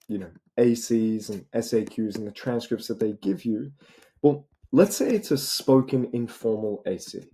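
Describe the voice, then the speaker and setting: A man's voice: medium pitch, dark tone. A young man with an Australian accent tutoring students in an informal lesson, asking rhetorical questions and saying "right?" again and again. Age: young adult. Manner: rhetorical, repeats "right?" and "you know". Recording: noisy recording with keyboard clicks.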